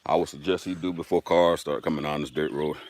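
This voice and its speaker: A man's voice: extremely low pitch, fairly even intonation, quick pace, a little mellow. A man hosting a casual live stream outdoors, chatting upbeat and directly to his viewers while walking a dirt road.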